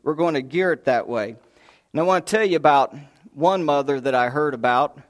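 In a church sanctuary, a man preaches a sermon built on humorous stories, spinning folksy tales, acting out voices and chuckling along. His voice is on the high side and fairly quick.

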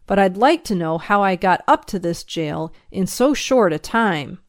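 A woman's voice: medium pitch, lively intonation, measured pace, dry recording, studio quality. A woman reading the part of a young male moonshiner in jail, pleading in a raised, strained voice. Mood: desperate pleading.

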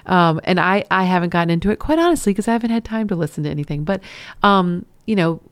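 Female podcast host, lowish voice, earnest encouraging monologue with restarts. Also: lively intonation, fast, smooth, dry recording.

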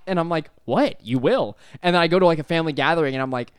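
A young man hosting a casual podcast, telling stories with lots of laughs and animated voices. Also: on the high side, rapid-fire, few pauses, smooth, no echo, studio quality. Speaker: podcast host. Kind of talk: casual chat. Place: apartment.

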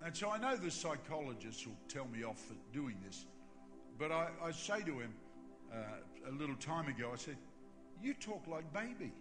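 An older man preaching a sermon as pastor, emphatic and building to shouts in prayer. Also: mid-range voice, lively intonation, moderate pace. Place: large church hall. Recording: long hall reverb with music.

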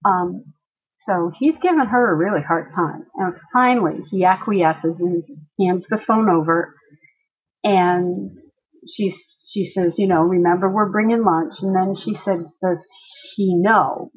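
A woman telling a personal story to a listener, animated and acting out the voices of the people she quotes. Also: lowish voice, a little slow, breathy edge, lo-fi sound.

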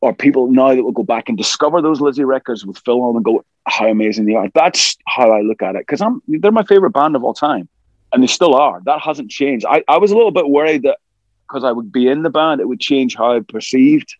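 A middle-aged man answers an interviewer's questions in casual chat, at an ordinary middle pitch. He tells his stories with energy and slips into the voices of people he quotes. The sound is dry and close. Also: brisk, no room sound, muffled recording. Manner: animated storyteller, acts out quotes. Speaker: rock singer, interview guest.

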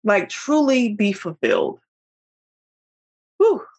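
A woman's voice: mid-range voice, wildly swooping pitch, gravelly, a little mellow, highs cut off. A woman hosting a motivational podcast, talking heartfelt and emotional, calling her listeners y'all as she coaches them. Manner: heartfelt, emotional, slow deliberate emphasis. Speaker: podcast host and business coach.

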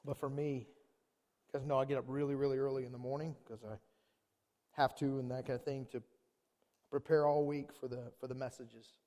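A man preaching a sermon as pastor, animated, swinging between booming lines and hushed ones. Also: a little fast, long pauses, in a large hall.

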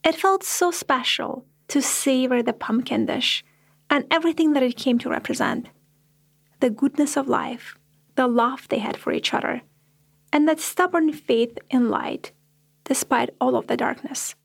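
A woman hosting a podcast, telling a true story in measured, reflective scripted narration. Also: high-pitched, gravelly, slightly rough.

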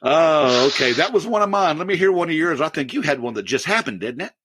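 A man in his forties on a podcast, casually telling a workplace story with lively laughs and put-on voices. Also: on the high side, fast, slightly rough, no room sound. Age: 40s. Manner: animated storyteller, loud impressions and laughter. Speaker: podcast co-host.

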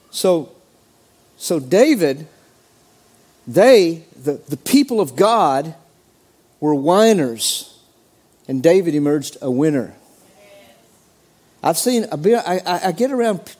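A man preaching a sermon as pastor, animated, acting out quoted voices with sudden jumps in pitch.

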